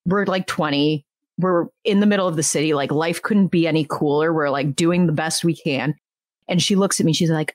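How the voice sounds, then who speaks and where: A woman in her thirties, a podcast host, telling a story in lively casual chat and laughing often. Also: low voice, a little fast, dry recording.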